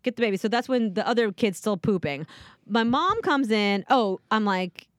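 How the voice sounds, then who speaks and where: A woman's voice: medium pitch, normal speed, dry recording, studio quality. A woman in her thirties chatting casually, telling a story and acting out the dialogue in different voices, with frequent laughs. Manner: animated, acts out quoted dialogue in voices, laughs often.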